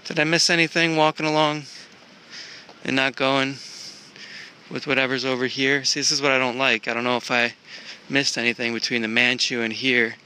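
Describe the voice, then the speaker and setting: A man's voice: mid-range voice, steady tone, moderate pace, long pauses, bright, forceful tone, a little hiss or hum. A man thinking aloud in a casual vlog as he walks through an outdoor park, filmed on a handheld camera. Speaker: traveler filming a walk.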